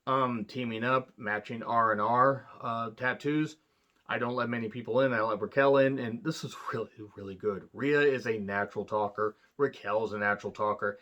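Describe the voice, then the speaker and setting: A man's voice: medium pitch, steady tone, normal speed, sharp tone, dull audio. A man giving a casual, profane wrestling review, blunt and sarcastic, rambling with restarts.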